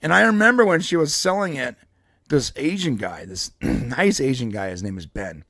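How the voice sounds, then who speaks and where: A podcast co-host with an expressive, slightly bright mid-range voice tells a long, rambling neighborhood story in casual conversation, often restarting and laughing. He speaks at a normal speed, and the sound is clean studio quality with no echo.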